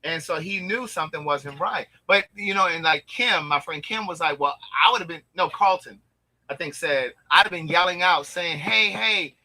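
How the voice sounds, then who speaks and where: This man talks in a very bright, slightly high voice. He gossips in a casual chat, animated and quick to act out what other people said. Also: poor audio. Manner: animated, gossipy storytelling with quoted asides. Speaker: host.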